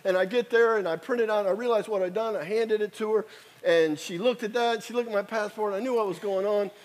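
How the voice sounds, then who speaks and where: A man's voice: high-pitched, fast. A man in his fifties preaching a sermon, telling a story with emphatic, repetitive exhortations. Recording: echoey hall reverb.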